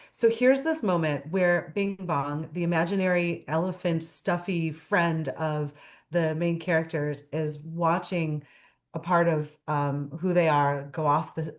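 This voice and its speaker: A woman guest in a casual talk show, telling a story with lively, expressive delivery. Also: lowish voice, measured pace. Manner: animated storyteller, acts out characters' lines. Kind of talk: casual chat.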